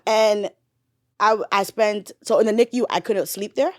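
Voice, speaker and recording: A young adult woman, a mother, candidly telling her story in a casual interview, animated, with blunt slang and swearing. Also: mid-range voice, a little slow, no echo, clean studio sound.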